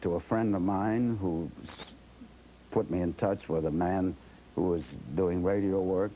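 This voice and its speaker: An older man sits as a guest in a television interview and tells a story against himself, dry and wry. His voice is low and deep with a dark, mellow tone. He acts out the other people in his stories as he goes. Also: steady tone, a little slow, a little hiss or hum, rough recording.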